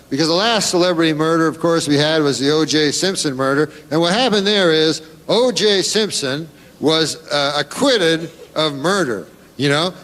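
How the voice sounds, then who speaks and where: A middle-aged man delivering stand-up in a flat, deadpan way. His voice sits a little high for a man. He rambles and stops himself with halting asides. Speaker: stand-up comedian. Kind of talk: stand-up routine.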